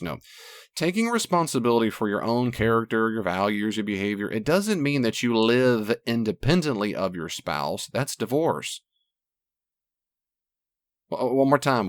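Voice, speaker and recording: Male Christian podcast host, low and earnest, dry close recording over faint guitar. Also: lively intonation, moderate pace, dry recording. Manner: earnest, repetitive, direct address to listener. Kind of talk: Christian relationship podcast talk.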